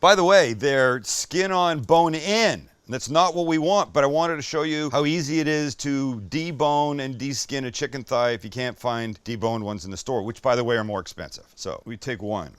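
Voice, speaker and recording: A man's voice: mid-range voice, fairly bright tone, dry recording. A man hosting a cooking show, talking viewers through each step in an irreverent, joking way with the odd swear word. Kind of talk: casual cooking demonstration.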